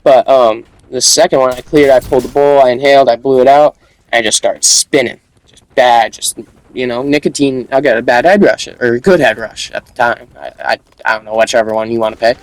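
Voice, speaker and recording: Young guy, middle pitch, casual storytime monologue, rambling, slangy, stumbles over his words. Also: brisk, no room sound, low-quality recording.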